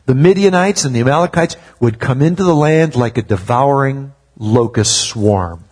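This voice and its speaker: A man's voice: mid-range voice, moderate pace, a little mellow. A man preaching a sermon as a pastor, talking conversationally and asking the congregation rhetorical questions.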